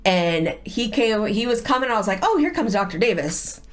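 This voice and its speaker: A woman's voice: mid-range voice, a little fast. A middle-aged woman, a guest and the host's wife, telling a personal story in candid conversation and acting out the voices of people she quotes. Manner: animated, acts out quoted voices.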